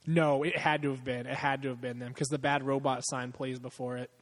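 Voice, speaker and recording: A man of middle pitch rambles through a casual talk about films, swearing freely and laughing at his own jokes. His voice sits at an ordinary height, loose and unpolished. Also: level tone, a little fast, in a large hall. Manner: profane, rambling, laughs often. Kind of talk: casual chat about movies.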